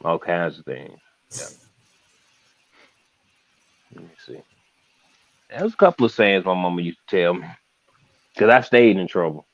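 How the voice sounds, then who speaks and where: A man's voice: low voice, moderate pace, no room sound, lo-fi sound. A man joining a casual livestream chat, agreeing easily and sharing his own childhood stories. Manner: relaxed, agreeable, chimes in with short replies.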